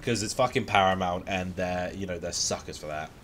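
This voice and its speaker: A man's voice: sits low, brisk, fairly bright tone, soft background music. A young man, host of a gaming stream, chatting casually with stammers, jokes and swearing. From United Kingdom. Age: young adult. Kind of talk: casual chat while gaming.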